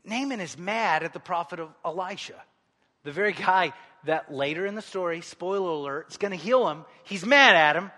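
A man preaching a sermon in a church, animated, acting out the scripture story and calling the congregation to join in. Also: high voice, moderate pace. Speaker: pastor. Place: church hall. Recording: long hall reverb.

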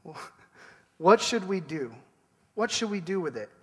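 A man's voice: high voice, sing-song, measured pace, slightly rough, in a large hall. A man preaching a sermon in a conversational way, acting out quoted people as he goes. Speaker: pastor.

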